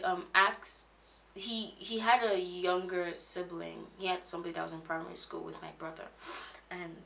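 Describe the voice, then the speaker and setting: Young woman vlogger, low and gravelly, halting and shaken confessional telling. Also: fairly bright tone. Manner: halting, with many restarts and fillers. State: emotional, shaken when recalling. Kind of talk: personal confessional story.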